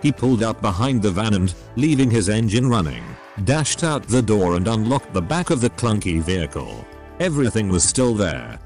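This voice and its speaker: Brief: synthetic male narrator, low-pitched, lively pitch swings, reads scripted story narration. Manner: steady machine-read delivery. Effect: synthetic text-to-speech voice.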